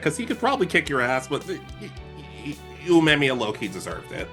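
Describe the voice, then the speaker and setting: A man's voice: mid-range voice, big pitch swings, brisk, few pauses, pushed and bright, soft background music. A young adult man co-hosting a casual anime podcast, recapping episodes animatedly and acting out characters' lines. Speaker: podcast co-host.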